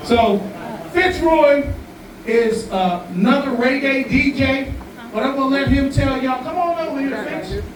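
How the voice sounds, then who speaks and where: A man hosting a live community event, talking casually to the crowd in a profane, joking, animated way. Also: extremely high pitch, unhurried. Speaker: event host. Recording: very echoey room, far from mic, audible background noise.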